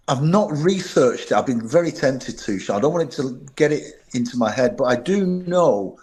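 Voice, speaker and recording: Male podcast guest, ex-bodyguard, candid and animated in his anecdotes. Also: medium pitch. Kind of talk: storytelling in a podcast interview.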